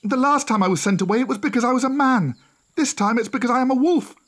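A man's voice: extremely high pitch, fast, fairly bright tone, pitched above the performer's own voice. A man voicing a bold boy raised by wolves, calling out eager commands. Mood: indignant.

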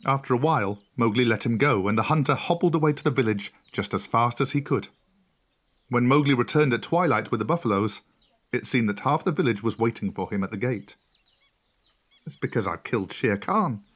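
A man narrating a children's storybook in a steady, clear voice. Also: mid-range voice, fairly quick. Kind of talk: storybook reading.

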